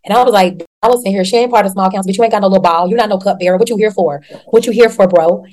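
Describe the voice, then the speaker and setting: Host, female, mid-range voice; animated, slangy recap of a TV episode, plays out the characters as she goes. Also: mid-range voice, rapid-fire. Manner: animated storyteller, slangy and profane, acts out characters. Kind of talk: casual chat recapping a TV show.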